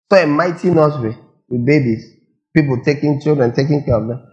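Preacher pressing rhetorical questions. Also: male voice, on the high side, brisk, darkish tone, highs cut off. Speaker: pastor. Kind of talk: sermon.

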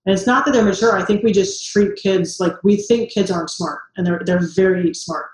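A woman's voice: medium pitch, brisk, a little mellow, reverberant, poor audio. A woman, a mother, talking casually in an interview, full of "like" fillers and acting out what others say to her. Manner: chatty, many "like" fillers, acts out quoted voices. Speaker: guest, mother.

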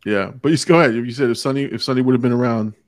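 A man hosting a casual podcast talk about a movie, animated, often acting out quotes in a changed voice. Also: mid-range voice, racing, a crowd in the background. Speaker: podcast host.

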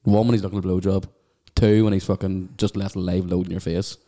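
As a podcast guest, a man tells crude comic stories, swearing and laughing through his own tales. His deep, warm voice moves little in pitch, and he talks at a quick pace.

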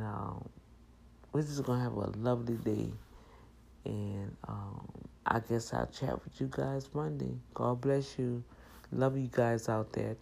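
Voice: mid-range voice, gravelly, dark tone, low-quality recording. A middle-aged host talking in a casual monologue, emphatic and preachy, repeating key phrases.

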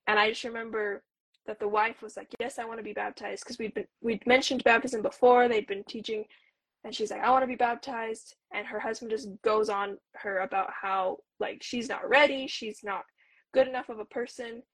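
A woman's voice: a little high, steady tone, moderate pace, fairly bright tone, breathy edge, no echo, poor audio. A woman in her twenties, a returned missionary, earnestly telling a personal story as an interview guest, with lots of "like" fillers. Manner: earnest, talks with frequent "like" fillers.

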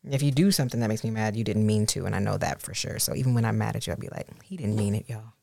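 A woman's voice: rumbling low, rapid-fire, vocal fry, mellow. A woman co-hosting a podcast with her husband, talking candidly and acting out quoted dialogue. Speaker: podcast co-host. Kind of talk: casual podcast chat.

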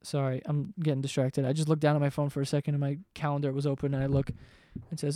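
A man's voice: a little high, completely flat delivery, fast talker, hardly any pauses, dark tone, no room sound, studio quality. A man in his twenties ranting casually to camera at home, profane and rambling. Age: 20s. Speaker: vlogger. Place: home room below living room.

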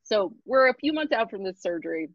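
A young woman comedian telling a story in a casual, profane, animated way and acting out the people in it. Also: mid-range voice, a little fast, no echo. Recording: dull lo-fi sound.

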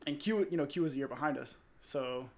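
A man telling crude stories in casual chat, animated and swearing a lot. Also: a little high, fairly quick. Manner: crude, animated storytelling with acted quotes.

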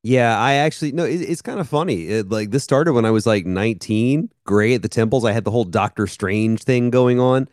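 A man's voice: mid-range voice, brisk, few pauses, darkish tone, no echo, studio quality. A man in his thirties co-hosting a podcast, rambling and self-mocking with casual profanity. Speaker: podcast co-host. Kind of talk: casual chat.

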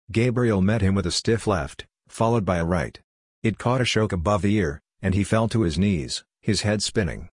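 A man narrating an audiobook story in a steady, even way. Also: low-pitched, no room sound, clean studio sound.

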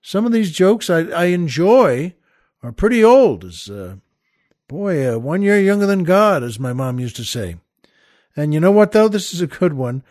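This is an older man with a fairly high voice, hosting his own comedy podcast. He rambles, chuckles and restarts as he plugs merchandise and tells an old joke. The sound is dry and close, with no room around it. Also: very animated, normal speed, darkish tone, no echo. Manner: rambling, chuckling storyteller who tells jokes with little voices. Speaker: podcast host. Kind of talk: casual comedic monologue.

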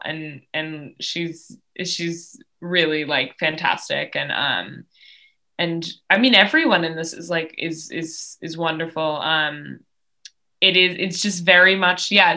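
A young woman joins a podcast as a guest, talking with eager enthusiasm. Her voice is bright and forward but sits fairly low in pitch, and she fills her sentences with ums and likes. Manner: enthusiastic, laughing, filler-heavy. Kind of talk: casual chat.

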